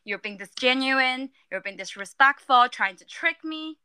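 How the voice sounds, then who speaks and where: Bright, high-voiced chatty woman host. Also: animated, normal speed, clean tone, no room sound. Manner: chatty, explains slang animatedly. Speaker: podcast host. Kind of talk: casual chat.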